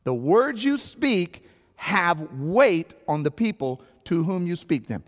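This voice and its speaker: A man's voice: sits high, sing-song, takes it slowly. A man preaching as a pastor, telling a story with acted-out outbursts and a conversational sermon delivery. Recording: long hall reverb.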